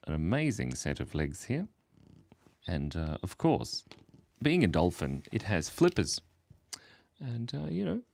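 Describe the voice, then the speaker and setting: A man's voice: low-pitched, no echo. A man, chatting goofily while drawing on a livestream and reading out chat messages. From Australia. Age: 40s. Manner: goofy, rambling, reads chat aloud, laughs often. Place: home, early morning.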